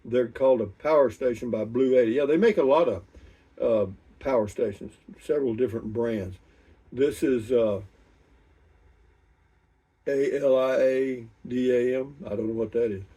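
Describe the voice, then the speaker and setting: Relaxed older man, mic set back. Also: medium pitch, breathy edge, distant mic. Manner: unhurried, rambling, with many restarts. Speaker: vlogger reading viewer comments. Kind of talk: casual chat.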